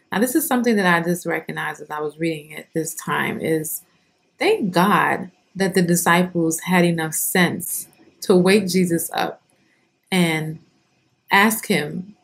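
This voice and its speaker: A woman with a fairly low voice leads an informal devotional. She reads scripture aloud and reflects on it in earnest, unhurried speech, stopping for ums and starting phrases over. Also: vocal fry, a bit bright. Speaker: devotional host.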